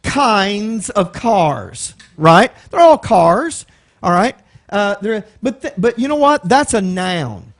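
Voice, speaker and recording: A man's voice: high voice, big pitch swings, takes it slowly. A man with a Texan accent teaching a Bible study, breaking words down and asking the room questions in a conversational way. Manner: conversational, explains word by word, asks the room questions.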